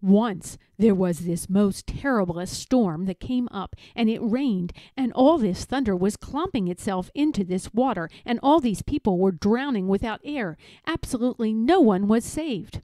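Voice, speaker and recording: A woman reading a children's picture book aloud in a playful, expressive, emphatic way. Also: medium pitch, measured pace, few pauses, dry recording. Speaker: read-aloud narrator.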